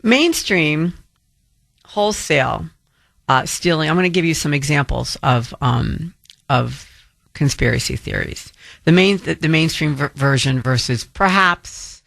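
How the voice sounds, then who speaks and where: Gravelly talk radio host. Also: male voice, a little high, expressive, a little slow, fairly bright tone, no echo, studio quality. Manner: rambling, frequent restarts and fillers.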